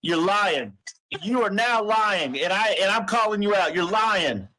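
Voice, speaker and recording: A man's voice: high-pitched, animated, a little slow, pushed and bright. A father on a phone call, angrily accusing and cursing, demanding the truth. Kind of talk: heated phone argument.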